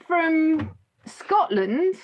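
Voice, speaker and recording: A woman hosting a podcast, telling a story in a halting way with many restarts. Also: extremely high pitch, big pitch swings, dull audio. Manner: halting, many restarts, moved close to tears. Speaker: podcast host. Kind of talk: emotional storytelling in conversation.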